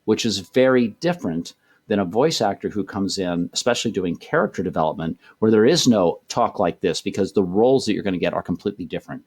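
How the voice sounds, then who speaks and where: A man's voice: low voice, lively intonation, quick pace, a little mellow, slightly rough. A middle-aged man, a voice director, talking in a casual interview, thoughtful and rambling with many restarts. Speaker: voice director guest.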